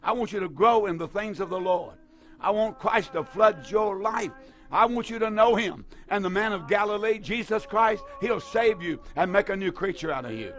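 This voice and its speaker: A man's voice: sits high, animated, normal speed, fairly bright tone. A man hosting a radio call-in program as a pastor, preaching emphatically and repeating his key phrases.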